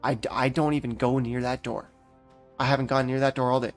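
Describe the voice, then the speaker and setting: A man's voice: mid-range voice, level tone, fairly quick, faint music behind, lightly acted. A man mimicking a defensive, busy female restaurant manager in his own voice, curt and exasperated.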